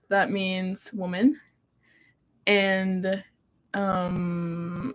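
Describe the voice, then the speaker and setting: A woman's voice: medium pitch, extremely slow. A woman co-hosting a casual home live stream, reading viewer comments aloud in a playful, giggly way. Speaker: co-host reading live chat.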